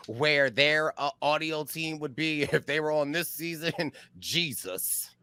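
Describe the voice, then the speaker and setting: A man co-hosting a casual recap show, expressive and quick to laugh, with big jumps in pitch. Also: smooth, dry recording. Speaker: podcast co-host.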